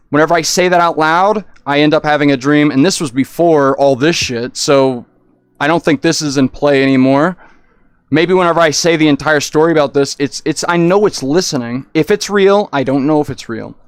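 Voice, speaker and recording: A young man streaming, telling a long personal story in a halting, rambling way full of restarts and swearing. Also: on the high side, smooth, dry recording.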